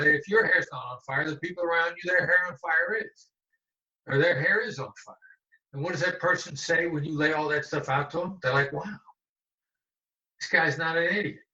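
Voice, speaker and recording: A man's voice: on the high side, bright, forceful tone. A man in his sixties, a guest negotiator, explaining in an emphatic way and repeating phrases for stress, heard over a remote call. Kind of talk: conversational interview. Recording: echoey room, dull lo-fi sound.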